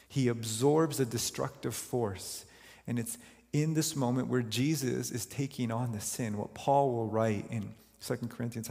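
A male pastor delivering a sermon, earnest and unhurried, slowing down to dwell on the words that matter to him. His voice carries a gravelly fry. It rings out with the long reverb of a church sanctuary. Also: mid-range voice, a little mellow.

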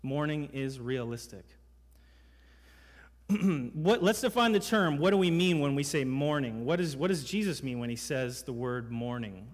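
A man's voice: mid-range voice, lively intonation, measured pace. A man preaching a sermon as pastor in a church, emphatic, asking the congregation one rhetorical question after another. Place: church sanctuary. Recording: reverberant hall sound.

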